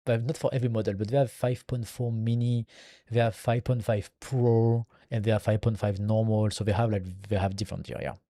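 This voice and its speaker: A man's voice: lowish voice, level tone, a little fast, mellow, no room sound, clean studio sound. A man co-hosting a live tech podcast, chatting casually with short agreeing replies and slightly non-native phrasing. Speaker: podcast co-host. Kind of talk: casual tech news chat.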